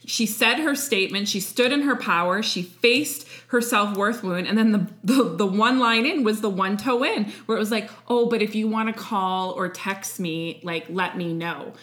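A woman with a mid-range voice co-hosts a candid conversation. She tells personal stories with emphatic, animated energy. She swears freely along the way. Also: medium pitch, moderate pace, hardly any pauses. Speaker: podcast co-host.

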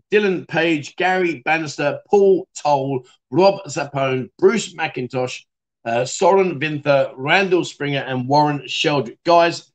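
A middle-aged man hosting a casual livestream chat show, talking matily and reading out viewer comments. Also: fairly high pitch. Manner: chatty, matey, reads out viewer comments. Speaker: livestream host.

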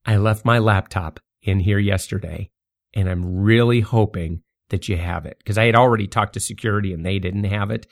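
A podcast host telling a story in a casual, animated way, laughing often, his voice jumping up when he gets excited. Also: fairly low pitch, normal speed, creaky.

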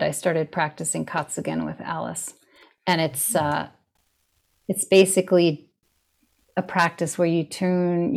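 A middle-aged woman with a somewhat low voice talks in a relaxed conversation. She is thoughtful and reflective, and laughs easily. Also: gravelly. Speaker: guest. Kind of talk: casual conversation.

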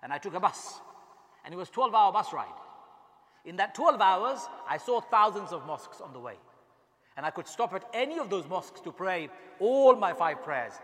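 A man delivering an impassioned sermon as an imam, swinging from quiet asides to shouted rhetorical questions. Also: sits high, big pitch swings, normal speed. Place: mosque hall. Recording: long reverb in a large hall.

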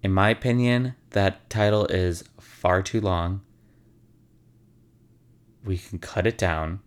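A man tells stories with sarcastic asides and casual swearing. His voice sits low and smooth, and he takes his time over each line. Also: slow. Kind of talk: casual storytelling.

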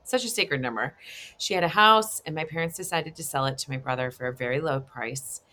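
This is a woman with a strikingly deep, low voice who hosts a podcast. She talks casually and gushes with enthusiasm over every story she shares, as if she can't contain how excited she is. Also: brisk, slight background noise. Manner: gushing, enthusiastic. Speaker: podcast host.

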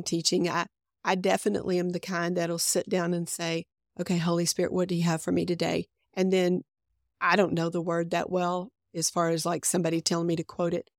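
In studio-quality sound with no room noise, a middle-aged woman with a fairly low voice appears as a podcast guest. She shares her personal faith story in earnest, conversational storytelling, voicing what she used to think.

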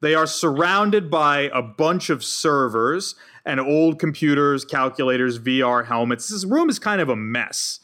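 A man's voice: on the high side, lively intonation, unhurried, hardly any pauses, bright, forceful tone. Easygoing male game master. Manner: descriptive, easygoing. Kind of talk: tabletop game narration.

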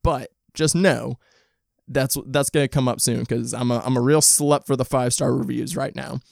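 A male podcast host chats on his own at home in a loose, rambling way, swearing freely and restarting his sentences. His voice is gravelly and his throat sounds dry and rough. The sound is close and dry, with no room echo. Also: mid-range voice, fairly even intonation, normal speed, a little mellow. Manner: rambling, candid and profane, with frequent restarts. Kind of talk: casual solo podcast chat.

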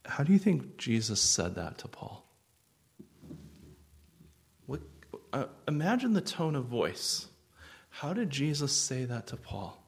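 A man preaching a sermon as pastor, earnest and gentle, with sudden swells of intensity. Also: medium pitch, big pitch swings, slow pace, vocal fry, long pauses.

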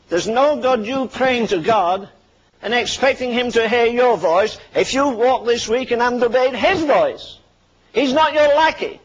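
A man's voice: extremely high pitch, highs cut off. An older man preaching a fervent sermon, firing punchy rhetorical questions and dropping dry asides between warnings.

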